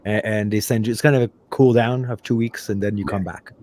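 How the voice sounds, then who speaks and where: A man's voice: lowish voice, fairly even intonation, fairly quick, a little mellow. A man co-hosting a podcast, casually explaining things in a matter-of-fact way. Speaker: podcast co-host. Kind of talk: casual interview chat.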